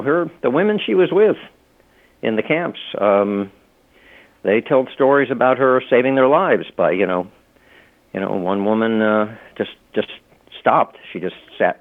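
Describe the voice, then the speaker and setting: A middle-aged man, an author and law professor, chatting as an interview guest, rambling with many restarts and fillers. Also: fairly low pitch. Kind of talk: casual interview talk. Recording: tinny phone-line audio.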